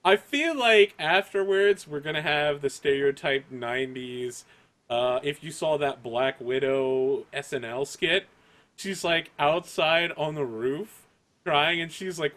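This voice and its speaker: A man's voice: on the high side, takes it slowly, a bit bright. A young man as game master, chatting and acting out lines from the table. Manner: chatty, acts out quoted lines.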